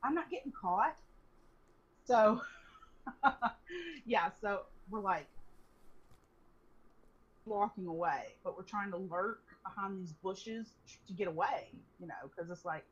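Husky woman telling a profane story. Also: mid-range voice, expressive, slow pace, long pauses. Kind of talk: casual chat. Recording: dull lo-fi recording.

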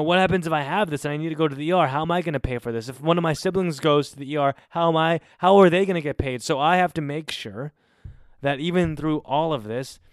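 A man's voice: fairly high pitch, no room sound, clean studio sound. A man hosting a casual podcast over a video call, rambling and swearing. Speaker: podcast host.

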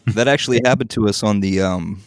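Laid-back low-voiced filmmaker telling set stories. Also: male voice, a little fast, no room sound, studio quality. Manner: relaxed anecdotes, frequent ums and laughter. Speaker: filmmaker guest. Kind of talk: casual podcast storytelling.

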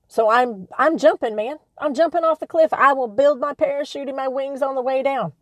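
An older woman hosting a podcast, talking in a passionate, blunt, emphatic way that gets loud at its peaks. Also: high-pitched, a little fast, hardly any pauses, dry recording. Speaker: podcast host. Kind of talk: motivational podcast monologue.

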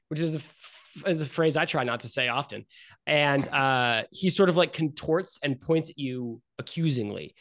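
A man's voice: a little high, moderate pace, fairly bright tone. A man narrating as game master in a casual, rambling way, full of likes and uhs.

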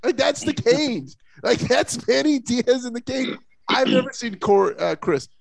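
Sports podcast co-host, gravelly voice, swinging pitch, dry close mic. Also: male voice, measured pace, dry recording. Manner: rambling, animated, many fillers and restarts. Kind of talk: casual sports talk.

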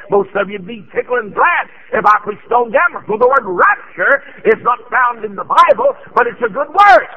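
An older man from Tennessee, preaching a revival sermon with fervent rises into shouts and frequent "uh" fillers. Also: high voice, highs cut off. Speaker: evangelist preacher.

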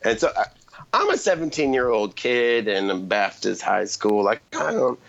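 A man's voice: medium pitch, expressive, normal speed, creaky, a bit bright, dull audio. A middle-aged man on a podcast telling a long, rambling story in casual chat, often correcting himself and laughing.

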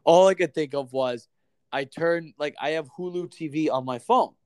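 This man's pitch runs fairly high, and he speaks at a moderate pace in a clear, resonant tone with no room sound. He's chatting casually, spinning a lengthy yarn full of swearing and impressions of the people involved.

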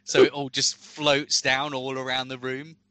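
Podcast co-host, man, joking banter, bright tense tone, dry room. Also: mid-range voice, flat delivery, a little slow, dry recording. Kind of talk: casual banter.

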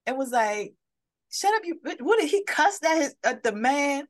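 A woman's voice: sits high, expressive, normal speed. A woman co-hosting a podcast, chatting casually and acting out quotes as she tells stories. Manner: storytelling, acts out quotes in shifting voices. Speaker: podcast co-host. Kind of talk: casual chat.

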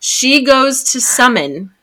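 A young woman co-hosting a podcast, telling a story in an animated, excitable way. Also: high voice, slow pace. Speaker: podcast co-host. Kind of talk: casual chat.

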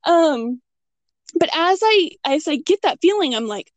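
A middle-aged woman with a somewhat high voice tells a personal story in relaxed conversation. She gets animated, jumping up in pitch when she acts out what she said. The sound is close and dry, with no room around it. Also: unhurried, dry recording. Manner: animated, acts out quotes with big pitch jumps and laughs. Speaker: guest telling a ghost story. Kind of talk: casual storytelling chat.

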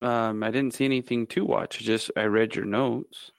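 A man with a gravelly, creaky voice co-hosts a relaxed podcast chat, rambling through explanations with a joking edge. The sound is dry and close, with no room around it. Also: medium pitch, moderate pace, no room sound. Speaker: podcast co-host.

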